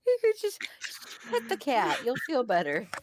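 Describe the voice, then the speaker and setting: A woman's voice: high voice, wildly swooping pitch, normal speed, noisy background. A woman co-hosting a podcast in casual chat, teasing the others and often breaking into laughter. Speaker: podcast co-host.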